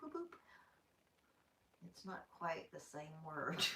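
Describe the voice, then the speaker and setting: An older woman with a Southern US accent, leading a gentle yoga class in a folksy, chatty way with playful asides. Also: low-pitched, sing-song, very slow, a little hiss or hum. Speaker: yoga instructor. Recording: roomy, from a distance off-mic.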